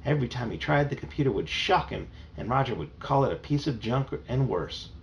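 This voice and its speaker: In a muffled home recording with a faint hiss, a man reads from a children's novel plainly, slipping up a little now and then. His voice is medium-pitched and creaky, with lively intonation and a slightly quick pace.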